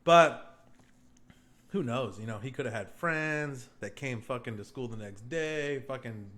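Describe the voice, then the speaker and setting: A young man hosting a podcast, telling a story in a casual, profane, animated way and laughing often. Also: medium pitch, unhurried, echoey room. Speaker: podcast host.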